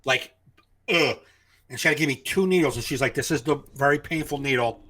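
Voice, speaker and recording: A man's voice: mid-range voice, fast. A man co-hosting a podcast, telling profane stories in casual chat. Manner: animated, profane storytelling. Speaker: podcast co-host.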